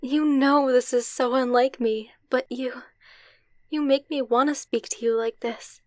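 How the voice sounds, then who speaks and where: A young woman voicing a brash, foul-mouthed tsundere girlfriend who swears a lot and turns gruff and embarrassed by turns, in an ASMR roleplay voice message on a close mic. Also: sits high, steady tone, measured pace, no room sound.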